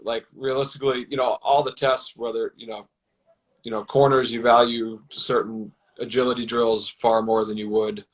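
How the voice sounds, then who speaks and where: A man, a football team's personnel director, answering interview questions in a measured, explanatory way. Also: mid-range voice, level tone, poor audio. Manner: measured, explanatory, with many fillers.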